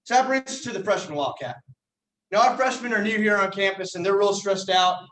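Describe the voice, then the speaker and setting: A young man, a yell leader, explaining chants with a folksy, teasing delivery. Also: high-pitched, fairly quick, slight background noise. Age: young adult. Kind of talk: joking instructional talk. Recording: echoey room from far off.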